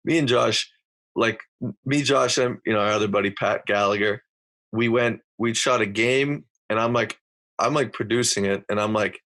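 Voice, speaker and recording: A man's voice: on the low side, moderate pace. Rambling young Canadian man telling a story. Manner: rambling, animated storytelling full of fillers and restarts. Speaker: podcast guest. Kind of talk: casual storytelling.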